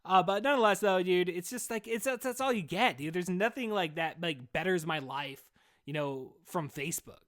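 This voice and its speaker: A man's voice: high voice, moderate pace, a bit bright. A man hosting a solo podcast in a rambling, casual monologue, swearing constantly and saying "dude" a lot. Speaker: podcast host.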